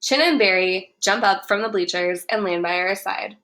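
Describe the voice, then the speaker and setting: Bright-voiced woman narrating an audiobook. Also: mid-range voice, moderate pace. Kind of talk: first-person audiobook narration.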